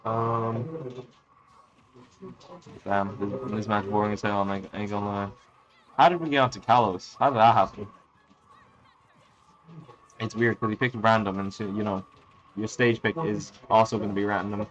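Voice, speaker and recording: Guy casting a fighting game, low voice, swears a lot, offhand. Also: steady tone, moderate pace, pauses often, lo-fi sound. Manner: crude, joking, offhand. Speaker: esports commentator. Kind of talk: casual live game commentary.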